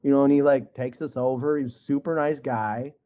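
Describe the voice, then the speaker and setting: A man's voice: mid-range voice, fairly even intonation, fairly quick, narrow, tinny audio. A man from Wisconsin telling stories as a guest, rambling and peppered with "like" and "you know". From Wisconsin, USA. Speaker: guest artist. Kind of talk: casual storytelling in an interview. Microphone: video call.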